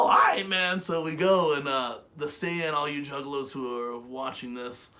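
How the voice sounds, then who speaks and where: A man casually telling stories as co-host of a webshow, animated and swearing, with loud bursts. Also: mid-range voice. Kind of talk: casual storytelling chat.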